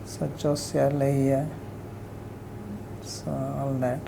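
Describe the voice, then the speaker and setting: A man teaching scripture, soft-spoken, letting his voice fade at the end of phrases and lifting his pitch to act out quoted lines. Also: completely flat delivery, very slow, gravelly, noisy background. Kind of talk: lecture on scripture.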